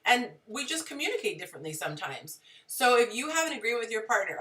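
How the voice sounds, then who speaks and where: A woman's voice: on the high side, sing-song, fast, hardly any pauses, bright, forceful tone, far from the mic. A woman hosting a live relationship advice stream, talking conversationally and greeting viewers in the chat.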